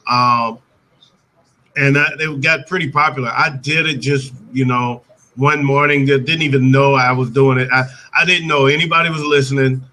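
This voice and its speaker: An American man hosting a casual live-stream chat over a video call, talkative and quick to laugh, often restarting sentences. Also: medium pitch, steady tone, bright, forceful tone, poor audio. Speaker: host.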